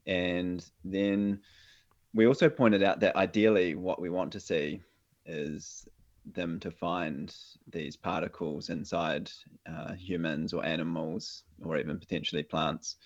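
A man with a New Zealand accent, talking casually as a guest, relaxed and hesitant, with plenty of fillers and restarts. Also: low voice. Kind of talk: casual conversation. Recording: dull lo-fi audio.

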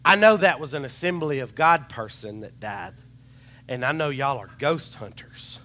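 A frightened, excitable woman blurts out her alarm in a rushed, breathless way, as a male preacher puts her on. The voice jumps high and loud above his normal tone. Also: slight background noise, close to an everyday voice. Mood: insistent. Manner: panicky, breathless exclaiming.

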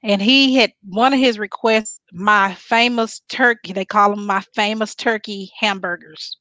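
A woman's voice: medium pitch, fairly even intonation, measured pace, sharp tone, no echo. A woman in her forties from Texas, telling a personal story in casual chat as a guest, laughing often.

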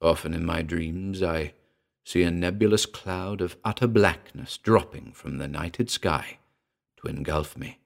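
A man with a very deep voice reads a first-person horror story aloud. His tone is grave and measured, with a gravelly texture running through his low notes. He paces the tale slowly and keeps it dark and serious. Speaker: narrator. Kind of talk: dramatic horror story reading.

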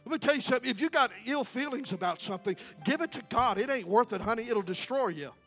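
A man preaching a Pentecostal sermon and altar call in a church. He repeats lines with rising fervor and moves between quiet stretches and loud exhortation. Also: very high voice, animated, quick pace, soft background music. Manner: fervent, repetitive exhortation, swings from quiet to loud. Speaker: guest preacher. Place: church sanctuary.

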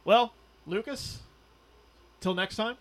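A man's voice: high-pitched, slow, a bit bright. A man hosting a podcast in casual chat, rambling with lots of "like" and some swearing. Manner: loose, rambling, full of "like" and swearing. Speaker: podcast host.

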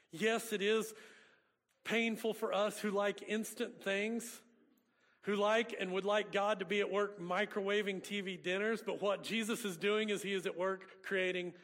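A man's voice: high-pitched, fairly bright tone. A man, a pastor preaching a sermon with folksy storytelling. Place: church sanctuary. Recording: long reverb of a church hall.

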